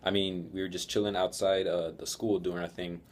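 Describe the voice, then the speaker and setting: Teen vlogger guy, very low voice, rambly and swearing, telling a story. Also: level tone, moderate pace. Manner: rambling, profane, laughing. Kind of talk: casual storytelling vlog.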